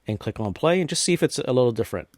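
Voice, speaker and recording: A man from North America casually walking through a software tutorial step by step, with frequent restarts. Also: mid-range voice, expressive, very fast, no room sound. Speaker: tutorial host. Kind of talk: screen-recorded software tutorial.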